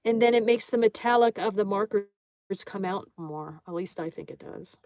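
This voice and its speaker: A woman's voice: medium pitch, moderate pace, darkish tone, no echo, studio quality. A woman hosting a casual livestream, chatting and greeting viewers by name while she draws. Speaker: livestream host. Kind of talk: casual chat reading viewer comments aloud.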